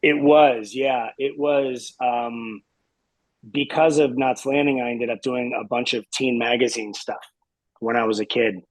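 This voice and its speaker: A man's voice: mid-range voice, steady tone, unhurried, dry recording, rough recording. A man in his fifties, a podcast guest reminiscing in casual chat, hesitant and rambling with many fillers.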